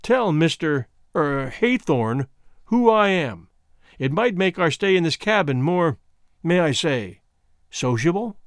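A man reading aloud voices a calm, gently ironic middle-aged husband in a storybook, slow and deliberate. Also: on the high side, dry recording, studio quality, heavily acted. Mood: calmly ironic.

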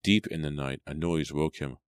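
A man reading a horror story aloud as an audiobook narrator, in a measured storytelling manner. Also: rumbling low, no room sound. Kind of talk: scripted narration.

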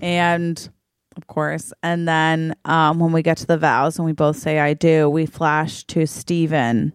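A woman's voice: deep voice, little pitch movement, measured pace, smooth, dry recording, clean studio sound. A woman co-hosting a comedy podcast, telling an improvised comic story in a playful way. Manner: playful, reacts with groans and gasps. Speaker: podcast co-host.

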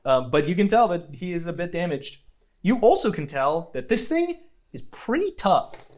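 A man's voice: high-pitched, sing-song, moderate pace, darkish tone. A man running a tabletop game as game master, narrating with playful, vivid descriptions and frequent laughter.

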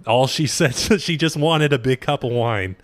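A man's voice: medium pitch, moderate pace, dry recording. A man chatting casually on a podcast, rambling and circling back with lots of "like". His voice sits in a middle range, and the room sounds dry and close. The delivery stays loose and conversational. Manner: rambling recaps with quoted impressions. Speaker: podcast co-host. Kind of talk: casual chat.

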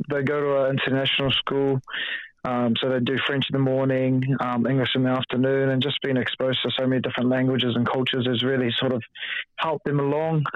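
A man, chatting casually as an interview guest, relaxed and full of "like" and "um". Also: mid-range voice, dry recording, phone-quality sound. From New Zealand. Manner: relaxed, lots of "like" and "um". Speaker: guest, rugby player.

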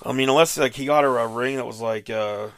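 A man's voice: medium pitch, fast talker. A man co-hosting a casual podcast, reading out a true crime case and trading dry jokes. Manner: dry, deadpan joking. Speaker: podcast co-host.

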